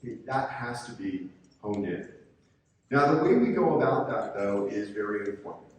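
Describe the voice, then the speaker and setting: A man giving a calm, coaching conference presentation, sometimes acting out angry coaches. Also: lowish voice, moderate pace. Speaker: presenter, sports official. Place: conference room. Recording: echoey hall from far off, faint noise.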